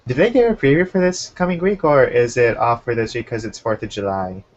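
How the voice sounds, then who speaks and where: A young man hosting a casual chat, relaxed and talkative, keeping an eye on the time. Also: mid-range voice, a little fast. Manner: relaxed, chatty, keeps time. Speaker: podcast host. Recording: muffled lo-fi recording.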